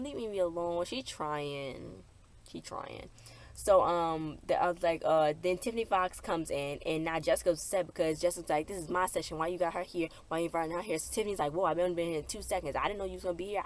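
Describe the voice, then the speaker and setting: Chatty young woman recapping a show. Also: low voice. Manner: chatty, recounting scenes by quoting the cast in quick back-and-forth. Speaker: TV recap vlogger. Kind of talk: casual episode recap.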